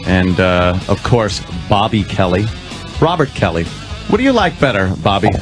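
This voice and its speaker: A man's voice: lowish voice, sing-song, moderate pace, music in the background. A man hosting a radio talk show, bantering crudely and laughing often in the studio.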